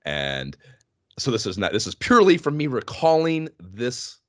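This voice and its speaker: A man co-hosting a casual gaming podcast, animated and laughing often as he tells stories. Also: mid-range voice, normal speed, no echo, studio quality. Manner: animated, laughing, swearing freely. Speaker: podcast co-host.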